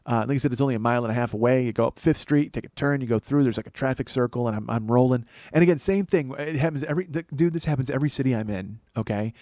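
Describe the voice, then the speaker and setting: A man in his forties hosting his own show, telling a profane, animated story that swings from low mutters to loud mock pride. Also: very fast, hardly any pauses, dry recording. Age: 40s. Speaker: comedian podcast host. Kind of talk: storytelling monologue.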